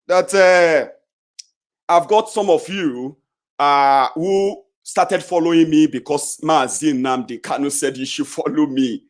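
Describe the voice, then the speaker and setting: A middle-aged Nigerian man with a Nigerian accent delivering a heated, confrontational political rant, swinging between shouts and low mutters. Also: slow. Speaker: political commentator.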